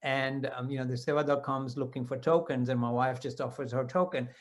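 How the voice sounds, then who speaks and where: A man's voice: mid-range voice, steady tone, a little fast. Conversational man telling personal stories. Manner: conversational, with many asides and self-corrections. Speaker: devotee sharing personal experiences. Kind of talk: personal storytelling talk.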